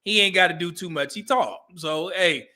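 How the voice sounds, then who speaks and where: Bright high-voiced man reacting casually. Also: normal speed. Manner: laughing, chatty, talks to the screen. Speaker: reaction streamer.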